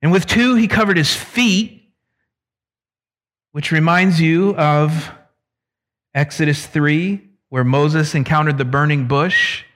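A man preaching an expository sermon, swinging from loud emphasis to hushed low drops, with casual asides mixed into the teaching. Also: takes it slowly, pauses often. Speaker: pastor.

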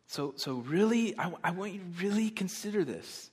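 A man preaching a sermon as pastor, conversational, swinging between loud emphasis and soft, quiet asides. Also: a little high, big pitch swings, normal speed, hardly any pauses, husky.

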